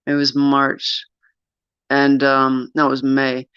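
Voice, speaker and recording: A man's voice: mid-range voice, completely flat delivery, slow pace, a bit bright, clear, resonant tone, no echo. A man casually telling a long personal story as a guest, rambling with frequent restarts and nervous little laughs. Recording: dull, lo-fi sound.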